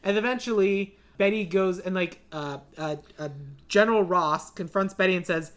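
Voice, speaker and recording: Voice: medium pitch, a little fast. A podcast co-host in casual chat, riffing sarcastically and sounding exasperated about a movie.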